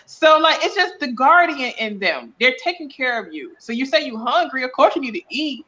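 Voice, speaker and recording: A woman who works as a psychic medium chats casually as an interview guest, slangy and animated, acting out little dialogues to explain things. Her voice is high, her pace moderate, and the sound is lo-fi.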